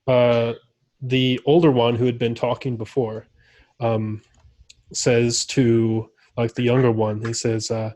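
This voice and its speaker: A man narrates as game master for a tabletop game on a livestream. He talks casually and rambles, laughing often, and his voice sits at a middle pitch. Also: little pitch movement, slow pace, darkish tone.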